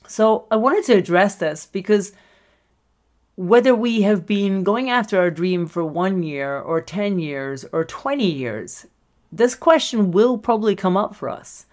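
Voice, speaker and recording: A woman hosting a solo podcast as a coach, talking in an animated way, often laughing and acting out the voices she quotes. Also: mid-range voice, measured pace. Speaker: podcast host and screenwriting coach.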